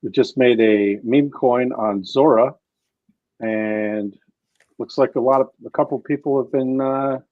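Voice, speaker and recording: A man hosting a casual crypto livestream, excitable and swearing freely as he talks to viewers. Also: medium pitch, a little slow, no room sound, phone-quality sound. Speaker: livestream host.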